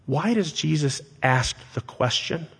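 A man preaching a sermon to his congregation, speaking deliberately and with emphasis and asking rhetorical questions. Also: a little high, lively intonation, gravelly, a bit bright, husky. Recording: long hall reverb.

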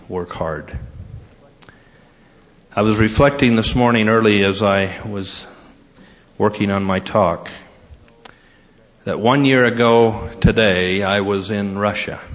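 An older man from California giving a folksy, good-humored devotional address as guest speaker in a large auditorium. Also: lowish voice. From Sacramento, California. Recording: long reverb of a large hall.

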